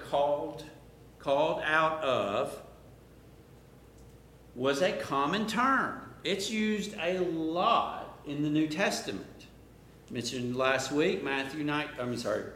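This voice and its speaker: A man's voice: a little high, a bit bright, a little hiss or hum. A man preaching a Bible-teaching sermon, explaining words and asking his listeners questions, building to emphatic points. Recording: roomy echo.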